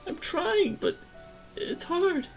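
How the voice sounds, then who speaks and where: A man's voice: extremely high pitch, very animated, slow, vocal fry, faint music behind, voice pushed up, full character voice, low-quality recording. A man voicing a nervous, apologetic young woman who keeps saying sorry. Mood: anxious. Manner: nervous, self-deprecating, apologetic.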